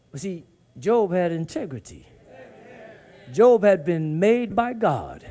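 Male preacher, very high pitched, swings from quiet to fervent shouts. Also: very animated, slow pace, long pauses. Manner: call-and-response preaching, swings from hushed to shouting. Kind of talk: sermon.

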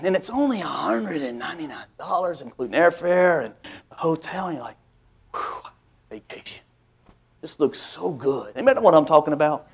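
High-voiced preaching male pastor. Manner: preaching with call-and-response asides. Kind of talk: sermon.

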